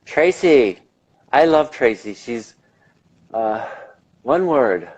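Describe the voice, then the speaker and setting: A man's voice: medium pitch, animated, takes it slowly, darkish tone, lo-fi sound. A man being interviewed in a casual chat, talking in a rambling, enthusiastic way and swearing now and then. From United States. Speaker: interview guest.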